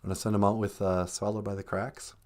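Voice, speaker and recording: A man's voice: lowish voice, flat delivery, fairly quick. A man co-hosting a casual podcast, laid-back and joking along with his co-host. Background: guitar music.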